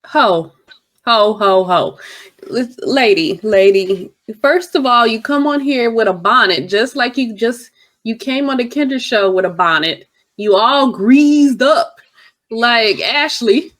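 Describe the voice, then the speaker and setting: A woman's voice: on the high side, lively intonation, a little slow, a bit bright. A woman co-hosting a reaction show, sassy and mocking as she roasts a caller. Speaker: co-host reacting to clips. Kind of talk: casual reaction commentary.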